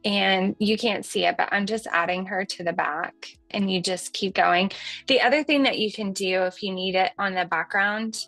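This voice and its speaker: A woman in her thirties with a light Southern accent, hosting a casual software tutorial in a chatty, folksy way. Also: mid-range voice, moderate pace, dry recording, soft background music. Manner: chatty and folksy, says y'all, laughs at herself. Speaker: livestream host demonstrating software.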